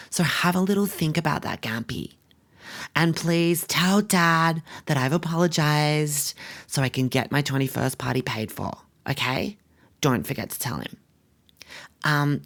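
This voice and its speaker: A man's voice: on the high side, fairly bright tone. A man playing a spoiled, bratty young Australian woman about to turn 21, talking in a vlog-style comedy monologue full of "like" and crude swearing. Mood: wheedling. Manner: valley-girl drawl, filler likes, crude swearing.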